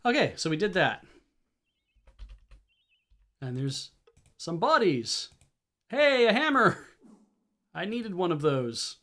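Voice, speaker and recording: Man casually thinking out loud. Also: fairly high pitch, very animated, takes it slowly, pauses often. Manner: reads game text aloud, thinking out loud. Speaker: streamer playing a game. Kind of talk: casual game commentary.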